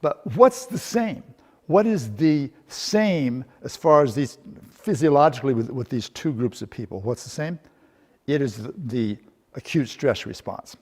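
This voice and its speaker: A man's voice: medium pitch, lively intonation, unhurried, darkish tone, in a large hall. A middle-aged man presenting a workshop, telling a humorous story with rhetorical questions in a lecture style. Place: seminar room.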